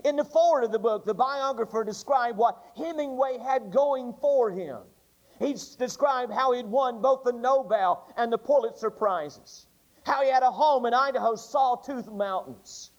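Brief: male preacher, unusually high voice, repeating cadence, muffled old church recording. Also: moderate pace. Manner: repetitive, rhythmic preaching cadence. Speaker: Baptist preacher. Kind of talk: Sunday morning sermon. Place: church sanctuary. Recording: dull lo-fi archive church tape.

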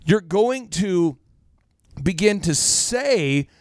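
A man's voice: high voice, expressive, drawn-out words, dry recording, clean studio sound. A man hosting a casual show as a business coach, talking animatedly and slipping in mock regional accents for laughs. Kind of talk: casual podcast talk with lessons.

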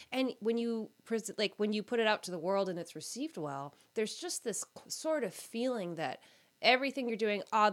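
Woman, podcast host, casual interview chat, empathetic, mid pitch.

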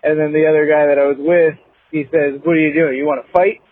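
A man's voice: a little high, flat delivery, fast, no room sound. A man leaving a voicemail, telling a meandering story from work with lots of fillers and restarts. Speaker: voicemail caller. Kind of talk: rambling anecdote on a voicemail. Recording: tinny phone-line voicemail.

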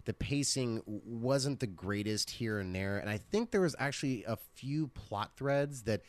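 A man's voice: mid-range voice, moderate pace, dry recording. A man co-hosting a casual TV review chat, rambling and swearing freely as he gives his opinions. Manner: rambling, profane, animated. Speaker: podcast co-host reviewing a TV series.

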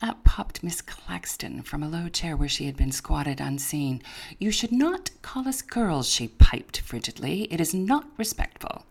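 A woman's voice: deep voice, lively intonation, unhurried, gravelly, darkish tone, breathy edge, full character voice. A woman giving a dramatic reading as a witty young female teacher, telling a tart exchange with an arch delivery. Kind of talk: dramatic reading of a journal entry.

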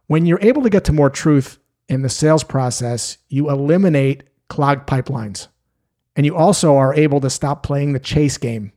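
A man coaching salespeople with scripted tips, calm, measured and instructive. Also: fairly high pitch.

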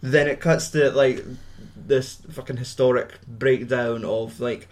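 A man's voice: medium pitch, steady tone, takes it slowly. A man recapping a film in casual, rambling podcast chat, swearing and laughing often. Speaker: podcast host.

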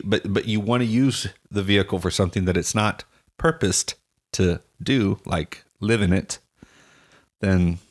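Guy cohosting a relationship podcast, kinda low voice, rambly and teasing. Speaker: podcast co-host. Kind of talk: casual relationship podcast chat.

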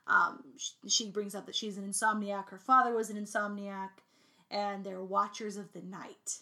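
Bright, animated woman co-hosting a podcast. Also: medium pitch, moderate pace. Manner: animated, laughs a lot, mimics lines in exaggerated voices. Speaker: podcast co-host. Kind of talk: casual movie recap chat.

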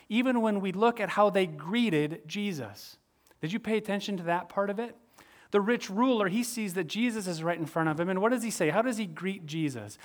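A male pastor preaching a sermon, asking the audience questions and moving between soft asides and raised emphasis. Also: fairly high pitch.

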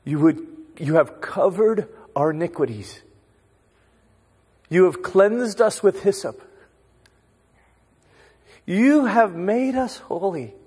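A man leading worship in a slow, hushed, intimate prayer in a church sanctuary. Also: sits high, animated, breathy edge. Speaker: worship leader. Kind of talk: prayer over music. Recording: long reverb of a large hall.

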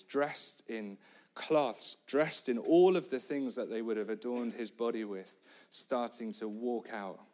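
A man preaching a sermon, retelling a story dramatically, moving between hushed, quiet lines and loud shouts. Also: mid-range voice.

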